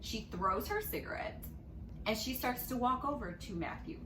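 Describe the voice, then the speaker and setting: A young woman vlogger telling a story casually, with lots of expression and swearing, and she jumps into loud squeaky voices when she quotes people. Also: expressive, normal speed, distant mic, noisy background. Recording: echoey room, a little off-mic, music underneath.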